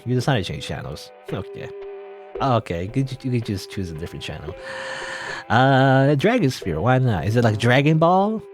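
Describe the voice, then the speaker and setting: A man's voice: mid-range voice, very animated, moderate pace, soft background music. A man hosting a let's play, reading a game's text aloud with playful, laughing asides.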